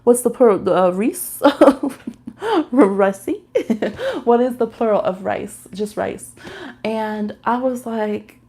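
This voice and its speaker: On a casual livestream, a woman reads tarot at a slow pace, her voice soft and nurturing while she works through the cards. When she shifts into telling stories she turns chatty and animated, laughing often and breaking into high squeals.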